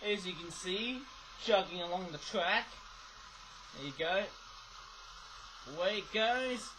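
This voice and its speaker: A man's voice: sits high, takes it slowly, background noise. A man casually reviewing toys on his own channel, rambling and tacking "though, eh?" onto his sentences. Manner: rambling, keeps adding "though, eh?". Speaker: toy reviewer. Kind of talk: casual toy review vlog. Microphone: webcam.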